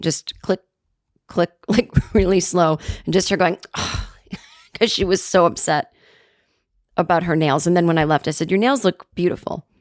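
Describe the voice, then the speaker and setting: A middle-aged woman hosting a solo podcast, with a slightly low voice. She rants and spins stories with sarcasm and quick asides, recorded close and dry with no room sound. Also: no room sound. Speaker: podcast host. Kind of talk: comedic solo rant.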